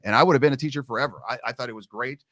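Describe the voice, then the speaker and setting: Middle-aged male guest, lively storyteller who mimics the people in his stories, dry close sound. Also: medium pitch, racing, no room sound. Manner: lively storyteller who acts out quoted dialogue. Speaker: guest, long snapping coach. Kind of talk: casual storytelling interview.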